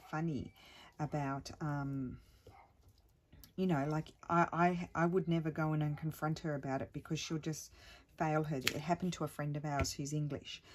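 A middle-aged woman chatting at home as a crafting vlogger, telling a rambling story with many restarts and sometimes dropping to a hushed voice. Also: sits low, slight background noise. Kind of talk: casual chat while crafting.

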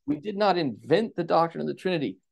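A man as a guest on a podcast, answering questions in a measured, explanatory way, like a lecturer. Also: a little high, animated, creaky, husky. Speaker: theologian guest.

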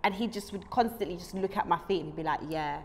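A woman's voice: mid-range voice, fast, a little mellow, a little hiss or hum. A woman hosting a podcast in casual chat, asking playful, teasing questions. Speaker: podcast host.

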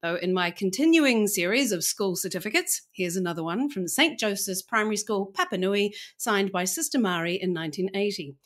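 A woman's voice: medium pitch, expressive, brisk, few pauses, a bit bright. A woman in her forties with a New Zealand accent, hosting a podcast in a playful, theatrical way. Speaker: podcast host. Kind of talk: casual chat.

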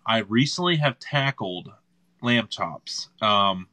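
A man hosting a casual live chat, excitable and laughing easily. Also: fairly low pitch, takes it slowly, poor audio. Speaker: host.

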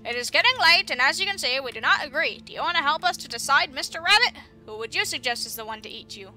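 Woman reads an impatient storybook vulture, loud and bright. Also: high-pitched, expressive, fast talker, soft background music, exaggerated voice. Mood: brisk. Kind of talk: storybook reading.

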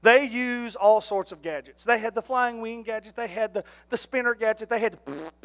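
A high-pitched man preaches in a church. He tells his stories in an animated, jokey way and raises his voice to a shout at the punchlines. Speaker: pastor. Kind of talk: storytelling sermon.

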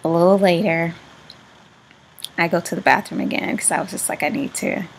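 Low, gravelly woman telling a story. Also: slight background noise, poor audio. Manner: halting, with many restarts and fillers; words often trail off into a soft whisper. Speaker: vlogger. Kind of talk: personal storytelling.

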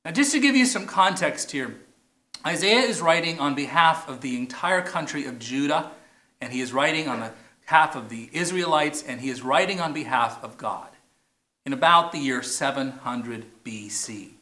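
A man's voice: a little high, animated, normal speed, pushed and bright. A man preaching a sermon as pastor, playful, stretching out key words for emphasis. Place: large church or plaza. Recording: echoey, roomy sound.

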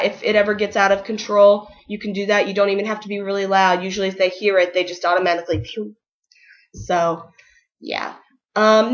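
A woman's voice: medium pitch, fairly bright tone, dull audio. A young woman teacher giving casual, upbeat advice in a vlog, full of ums and likes. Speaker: ESL kindergarten teacher.

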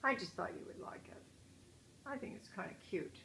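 A woman reads a picture book aloud at bedtime, chatting about the pictures between pages. Her pitch sits mid-range but moves a lot. Faint noise hums behind her. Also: expressive, normal speed, creaky. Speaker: storyteller.

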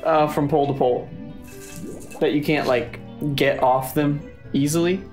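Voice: medium pitch, steady tone, moderate pace, a little mellow, soft background music. A co-host chatting casually and teasingly while watching someone play a video game. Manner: teasing, laughs often. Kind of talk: casual chat.

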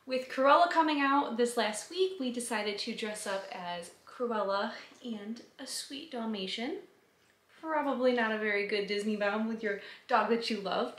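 A woman's voice: a little high, a bit bright. A woman hosting a casual unboxing vlog, slipping into sing-song baby talk as she chats to her dog at home. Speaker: vlog host. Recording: roomy, echoey room sound.

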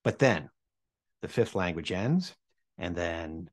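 An American man in his forties telling a personal story to an audience, animated and humorous as he builds suspense. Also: low voice, takes it slowly, husky. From United States.

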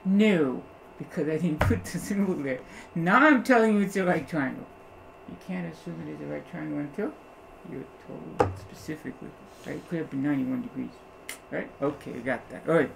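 Gravelly-voiced man teaching a math class. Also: fairly high pitch, noisy background. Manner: animated, keeps checking understanding with rhetorical questions. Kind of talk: classroom lecture.

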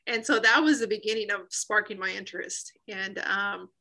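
A woman's voice: medium pitch, steady tone, normal speed, sharp tone, poor audio. A woman in her thirties earnestly sharing a personal faith testimony over a video call, acting out quoted remarks as she goes. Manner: earnest storytelling with reenacted quotes.

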